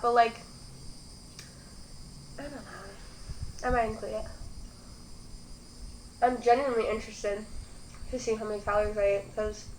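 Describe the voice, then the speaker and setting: A young woman in her twenties chats and rambles through her meal, her voice sitting a little high. She fills her talk with "like". The sound is roomy, recorded on a phone with a faint hiss behind her. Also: bright, forceful tone. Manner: rambling, chatty, heavy use of "like". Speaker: mukbang host. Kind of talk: casual chat while eating.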